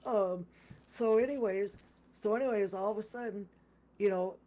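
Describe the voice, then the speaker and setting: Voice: medium pitch, normal speed, warm tone. A person casually retelling a game session at length, rambling with many restarts and repeated words, and quoting others' lines along the way. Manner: acts out others' lines in quoted speech. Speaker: gamer recounting a game session. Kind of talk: casual storytelling.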